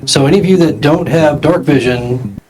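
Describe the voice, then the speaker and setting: A man's voice: fairly high pitch, music in the background, poor audio. Man narrating as game master. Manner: descriptive, with frequent "um" pauses while narrating.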